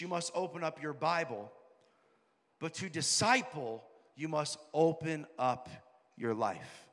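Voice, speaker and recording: Gravelly-voiced man preaching in a hall. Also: a bit bright. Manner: storytelling, quoting people in lowered voices. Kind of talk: sermon. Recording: long hall reverb.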